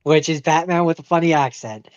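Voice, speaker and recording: A podcast co-host in casual chat, hesitant and filling pauses with ums. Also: mid-range voice, clear, resonant tone, no room sound. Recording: dull dry sound.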